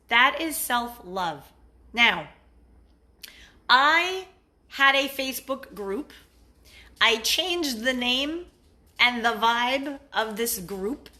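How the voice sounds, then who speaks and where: A woman dating coach talks straight to the camera in a casual vlog. Her voice is bright and forceful, pitched a touch high, and she takes her time. She is blunt and profane, slipping into what partners say to make her point. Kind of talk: casual advice vlog monologue.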